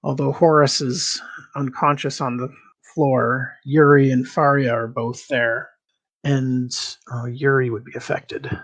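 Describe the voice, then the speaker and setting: A man narrating a tabletop game as game master in an unhurried, descriptive way. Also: medium pitch, flat delivery, low-quality recording.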